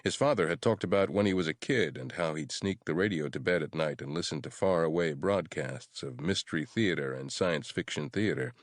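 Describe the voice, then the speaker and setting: Sex: male. Role: audiobook narrator. Style: scripted horror narration, measured and even. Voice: very low and deep, dry and close to the mic. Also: no echo.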